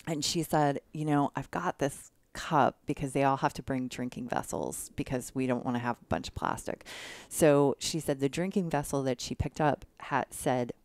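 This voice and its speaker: A woman's voice: very deep voice, normal speed, hardly any pauses, dry recording. A woman guest on a podcast telling a story casually, acting out what others said. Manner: animated, acts out quotes of others.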